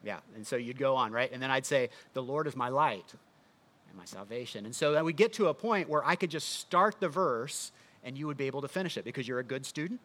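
A man's voice: medium pitch, animated, fast talker, a bit bright. A man preaching a sermon in a conversational teaching manner, often asking the listeners rhetorical questions. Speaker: pastor.

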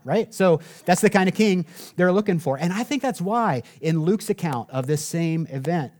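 A male pastor delivering a sermon in a relaxed, conversational way. His voice sits a little on the high side. He keeps checking in with listeners and adds touches of humor. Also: normal speed. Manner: conversational, asks the audience "right?", jokes.

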